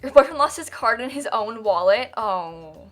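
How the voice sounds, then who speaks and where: A woman's voice: fairly high pitch, lively intonation, normal speed, a bit bright. Chatty young American woman streaming. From United States. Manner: chatty and rambling, fillers like "like", laughs often. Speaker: game streamer. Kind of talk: casual live-stream chat. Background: faint background music.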